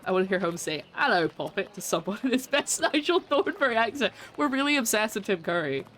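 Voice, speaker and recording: A woman's voice: a little high, very animated, fast talker, fairly bright tone, a little hiss or hum. A woman variety streamer chatting casually with her viewers while playing a game, welcoming and laughing often. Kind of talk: casual live-stream chat while gaming.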